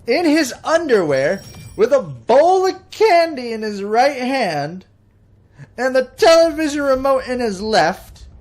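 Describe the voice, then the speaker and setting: A man telling a comedic personal story in a casual, animated way, swearing and acting out the quotes. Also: sits high, a little hiss or hum.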